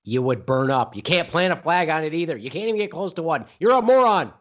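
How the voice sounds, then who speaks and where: A man's voice: on the high side, expressive, fast talker, fairly bright tone. A man playing a blustering mock president who rants, mocks and swears at his opponent in a comedy debate podcast, recorded on dull lo-fi audio. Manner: ranting, mocking and profane.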